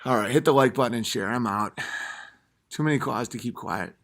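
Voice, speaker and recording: A man hosting a podcast from his home at night, ranting and swearing heavily, swinging between yelling and low muttering. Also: brisk, creaky. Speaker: podcast host. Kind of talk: comedic rant.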